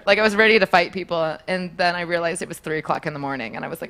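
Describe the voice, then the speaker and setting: A young woman telling a story in casual chat, animated and often laughing, acting out quotes in a higher voice. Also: rapid-fire.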